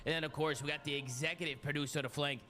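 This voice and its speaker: A man's voice: a little high, fairly even intonation, racing, bright, forceful tone, slight background noise. A man hosting a casual chat, upbeat as he checks in on each guest. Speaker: host.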